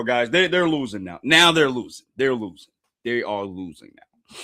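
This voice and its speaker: A man streaming a live reaction to a manga chapter, talking casually to his viewers and bursting into loud, repeated exclamations. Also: mid-range voice, big pitch swings, normal speed. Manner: casual slangy talk addressed to viewers.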